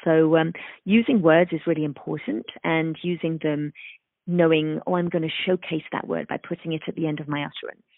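Speech therapist guest, woman, gravelly edge, explains patiently, tinny dry call line. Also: sits low, fairly even intonation, a little fast, dry recording. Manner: thoughtful, acts out examples in sing-song voices. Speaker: speech-language pathologist guest. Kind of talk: explanatory interview talk. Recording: dry, phone-like remote call audio.

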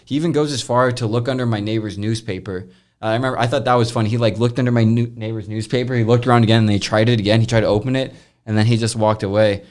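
A man's voice: on the low side, very fast. Rambling young man telling a story. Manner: rambling, animated, swears casually. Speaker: podcast host. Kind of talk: casual storytelling chat.

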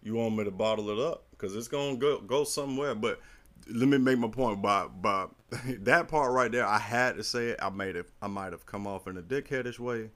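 Animated, profane middle-aged man telling stories. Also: on the low side, moderate pace. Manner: animated, profane, rambling storyteller. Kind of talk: casual chat, storytelling.

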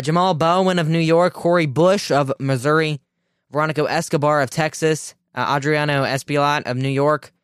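Indignant male talk-show host, smooth voice. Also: a little high, no echo, clean studio sound. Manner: indignant, emphatic, with restarts. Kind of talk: political commentary monologue.

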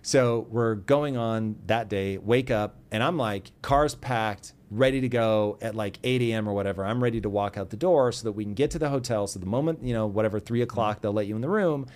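A man telling a personal story as a podcast guest, animated and earnest, acting out both sides of old arguments. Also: fairly low pitch, fairly quick, few pauses. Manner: earnest and intense when giving advice.

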